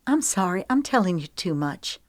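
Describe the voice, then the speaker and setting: A woman's voice: fairly low pitch, sing-song, moderate pace, no echo, clean studio sound. A woman narrator voicing a guarded young female reality show contestant with a wry, candid manner.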